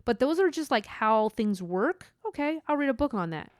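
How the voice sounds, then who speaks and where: A woman's voice: on the high side, big pitch swings, normal speed, no echo, clean studio sound. A woman hosting her own faith podcast, talking in an earnest, rambling way with lots of asides. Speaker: podcast host. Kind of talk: personal faith podcast monologue.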